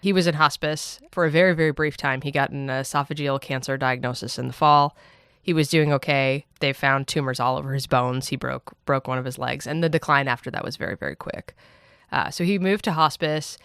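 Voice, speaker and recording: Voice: medium pitch, brisk, fairly bright tone, clean tone, dry recording, clean studio sound. A podcast host sharing a personal story in a candid, wry way during a casual interview chat.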